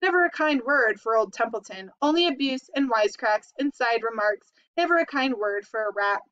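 A woman's voice: a little high, animated, normal speed, fairly bright tone. Lady reading as a lazy grumpy storybook rat, sarcastic and mocking, dull lo-fi sound. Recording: dull lo-fi recording.

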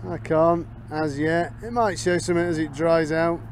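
A man's voice: a little high, little pitch movement, moderate pace, a little hiss or hum. A middle-aged man, chatting casually to viewers as he detects outdoors and thinks aloud over his finds. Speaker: metal detecting vlogger. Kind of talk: casual commentary while detecting.

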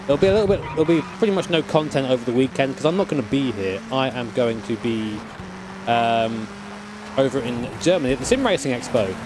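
A male streamer gives casual, jokey live commentary on a racing game, swearing freely, with engine and car noise underneath. His medium-pitched voice has lively intonation and runs a little fast.

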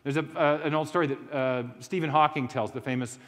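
Male lecturer, slightly high voice, rambling anecdotal delivery with restarts and self-mocking humor, long hall reverb. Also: fairly even intonation, fairly quick. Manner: anecdotal storytelling with frequent restarts. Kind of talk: public lecture.

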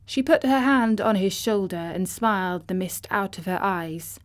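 A woman narrating a children's classic audiobook in a gentle, measured way. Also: medium pitch, lively intonation. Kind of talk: storybook narration.

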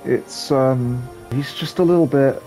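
A man's voice: mid-range voice, unhurried, dark tone, soft background music. A young man giving casual, rambling gameplay commentary as a channel host, hesitant and full of ums.

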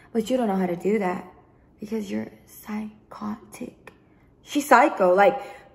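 Woman venting in a profane rant. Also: a little high. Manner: profane, emphatic, repetitive venting. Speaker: vlogger. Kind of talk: heated storytime rant to camera.

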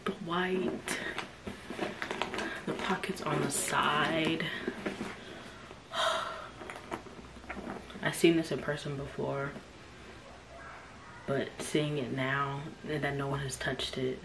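A woman's voice: low voice, little pitch movement, slow pace, long pauses, very noisy. A woman gushing over a new bag during an unboxing vlog, often dropping into a whisper, recorded in a room at home. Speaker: unboxing vlogger. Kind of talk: excited unboxing chat. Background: kids playing outside.

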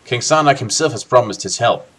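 Animated man reading a gamebook aloud. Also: mid-range voice, fairly quick, slightly rough. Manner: animated, expressive reading with joking asides. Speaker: let's play host.

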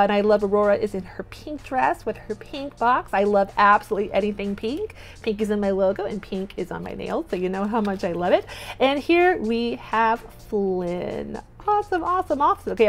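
Bubbly young woman hosting a toy unboxing vlog: high, very animated voice, gushes and squeals, soft music underneath. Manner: gushing, repeats exclamations, squeals with delight. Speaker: toy unboxing channel host.

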